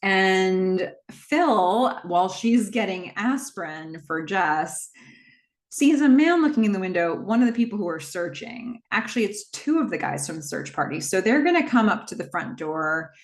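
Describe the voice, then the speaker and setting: A woman hosting a casual horror movie recap, retelling the plot in a chatty way with quick asides. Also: medium pitch, lively intonation.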